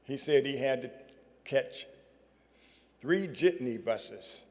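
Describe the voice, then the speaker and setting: A man giving a storytelling speech at an awards ceremony, measured and full of dramatic pauses, on a stage microphone. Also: medium pitch, lively intonation, a little mellow. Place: large performing arts hall. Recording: long reverb of a large hall.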